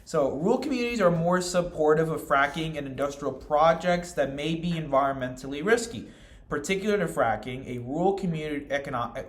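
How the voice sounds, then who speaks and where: A young man giving a class presentation, reading from notes and then explaining in his own words, earnest and steady with frequent restarts and fillers. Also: fairly high pitch, echoey room. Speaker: student presenter.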